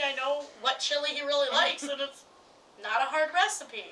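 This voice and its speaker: A woman co-hosting a podcast, telling a story in casual chat, animated and laughing often as she acts out what others said. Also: sits high, normal speed, recorded from a distance, slight background noise, low-quality recording. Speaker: podcast co-host.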